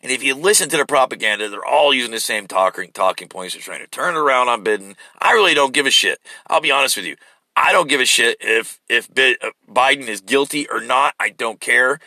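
A man tears into his subject in a blunt, profane monologue, swearing as he goes. His voice sits at an ordinary pitch but sounds very bright and forceful. The recording is dry and close. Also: no echo. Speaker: political commentator. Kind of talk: ranting monologue.

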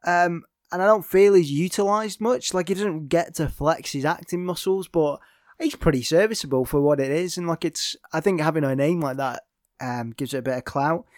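Slightly high-voiced man rambling through a film review. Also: normal speed, dry recording, studio quality. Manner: rambling, hesitant, many ums and self-corrections.

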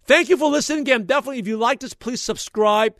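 Rapid-fire high-voiced motivational man. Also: no echo, studio quality. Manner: energetic, motivational, talks fast when passionate. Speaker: podcast host. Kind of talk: enthusiastic podcast recap.

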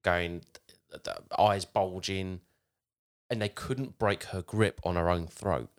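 A man's voice: sits low, steady tone, slow. A man hosting a casual podcast, retelling a story with acted quotes. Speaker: podcast host.

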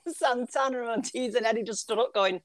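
A woman's voice: on the high side, a little fast, no room sound. A woman co-hosting a casual wrestling chat, chatty and giggly, saying "like" often. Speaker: podcast co-host.

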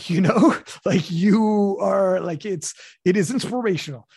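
Casting: male podcast host, slightly high voice, dry close sound, loose rambling delivery with casual swearing. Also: expressive, normal speed, creaky, darkish tone, husky, dry recording. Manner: rambling, swears, many restarts and fillers.

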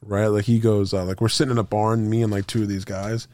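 Animated storytelling podcast man. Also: fairly low pitch, quick pace, no room sound. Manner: animated, profane, acts out quotes with sound effects. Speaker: podcast co-host. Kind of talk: casual storytelling chat.

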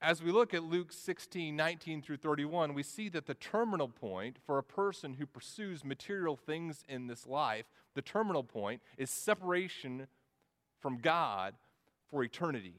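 A man's voice: on the high side, expressive, moderate pace, fairly bright tone. A man preaching a sermon, earnest and repeating words as he goes. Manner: earnest, with frequent word repetitions. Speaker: pastor. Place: church sanctuary. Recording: long reverb of a church hall.

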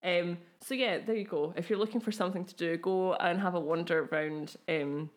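Lively Scottish woman co-hosting a podcast. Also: on the low side. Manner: enthusiastic, quick reactions, jokey asides. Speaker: podcast co-host. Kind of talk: casual chat.

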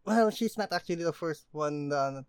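A man's voice: on the high side, animated, moderate pace, clear, resonant tone. A man co-hosting a casual chat, agreeable and a little hesitant, often repeating "yeah". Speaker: podcast co-host.

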